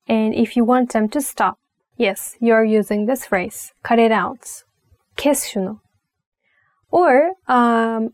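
A young woman with a Turkish accent teaches a language lesson at an unhurried pace. Her voice sits slightly high and sounds close and dry, with no room around it. She repeats phrases patiently and often stops to search for the right word. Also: darkish tone, no echo. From Turkey. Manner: slow, patient, repeats phrases with frequent fillers. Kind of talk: relaxed spoken language lesson.

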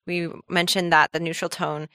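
A woman's voice: on the low side, little pitch movement, moderate pace, pushed and bright, no room sound, studio quality. A woman hosting a language lesson, explaining with an upbeat manner and laughing easily. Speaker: language teacher host. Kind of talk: scripted podcast lesson with co-host.

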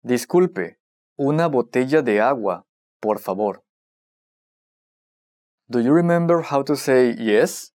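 A language-course narrator speaks at an unhurried, careful pace, giving prompts and then modelling each word. The delivery is scripted and even, built for repeating after. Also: mid-range voice. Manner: slow, deliberate prompting and modelling of words.

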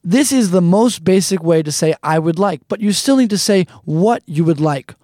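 A man's voice: sits high, animated, normal speed, warm tone, dry recording. A man hosting a recorded language lesson, explaining phrases patiently and breaking them down step by step into a close microphone. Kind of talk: scripted lesson instruction.

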